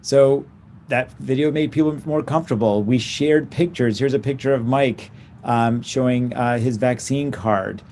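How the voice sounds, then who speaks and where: A man, a clinician, giving a conference talk, halting with many ums and uhs, upbeat in tone. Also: medium pitch, a little mellow, a little hiss or hum. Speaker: cystic fibrosis clinician presenting at a conference.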